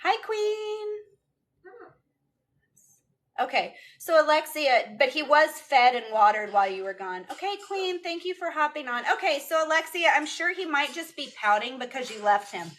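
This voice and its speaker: A woman's voice: sits high, animated, a little fast, hardly any pauses, fairly bright tone. A woman chatting casually on a phone livestream and answering viewers' comments aloud. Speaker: vlogger answering live chat. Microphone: phone camera.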